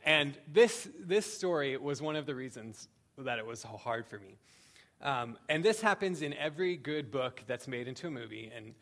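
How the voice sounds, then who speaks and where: A man preaching a sermon, speaking earnestly with slow, emphatic pauses and frequent "um"s. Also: medium pitch, expressive, fairly bright tone. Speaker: pastor.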